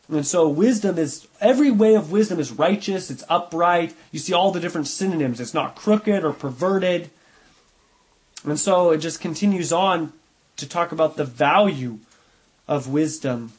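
A man with a fairly high voice leads a Bible study. He reads passages aloud and then explains them in an easy, conversational way. He circles back to the same points and often corrects himself mid-sentence. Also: moderate pace, a little mellow, rough recording. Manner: conversational, repeats for emphasis, self-correcting. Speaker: Bible teacher.

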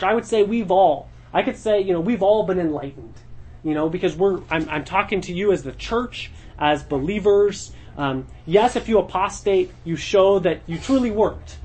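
A man's voice: sits high, a little mellow, husky. A man teaching a church Bible study in a conversational way, explaining the text verse by verse and thinking aloud as he goes.

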